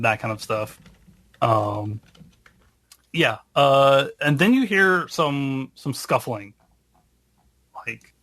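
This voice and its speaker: A man narrating as game master in a tabletop game, halting, with many fillers. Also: medium pitch, fairly bright tone, no echo.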